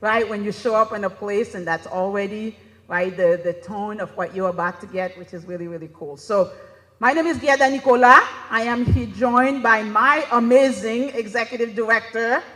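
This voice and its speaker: A woman's voice: medium pitch, steady tone, moderate pace, a bit bright. A woman giving a conference presentation in a chatty, conversational way, often checking in with "right?". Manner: conversational, keeps asking "right?". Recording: reverberant hall.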